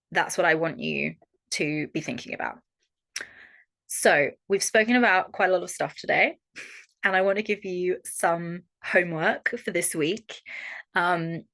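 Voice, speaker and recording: Young aussie woman coach, blunt and lively, swears a lot, lowish voice. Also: vocal fry. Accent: Australian. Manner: frank and animated, swears freely. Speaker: holistic coach. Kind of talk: online workshop talk.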